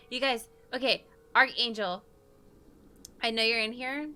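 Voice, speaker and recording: A woman's voice: fairly high pitch, a little slow, pushed and bright, faint music behind. A tipsy woman streamer chatting casually while playing a game, hiccuping, giggling and swearing often. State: tipsy from drinks. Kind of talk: casual gaming stream chat.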